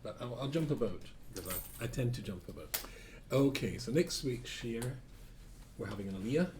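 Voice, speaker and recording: A man's voice: mid-range voice, lively intonation, normal speed, background noise. A man giving an informal Torah class as a rabbi, a rambling storyteller who keeps correcting himself and drops dry asides.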